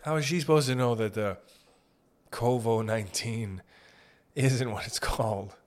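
A man's voice: medium pitch, fairly quick. A man from Northern Ontario hosting a podcast, telling profane, rambling comic stories. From Northern Ontario, Canada. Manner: profane, rambling, animated anecdotes. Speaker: podcast host. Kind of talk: comedic storytelling chat.

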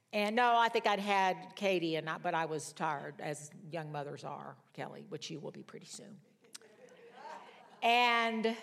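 Animated older woman telling stories. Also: creaky. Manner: animated, with sudden jumps in pitch and loudness; chatty, with self-mocking asides. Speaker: Bible study teacher. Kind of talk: personal storytelling in a teaching.

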